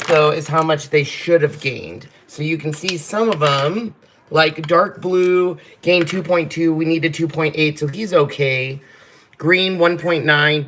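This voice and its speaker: A man's voice: on the high side, fairly bright tone. A man hosting a home video, methodically explaining a puppy weight chart and reading out figures. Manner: methodical, reads figures off a list. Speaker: host, puppy breeder.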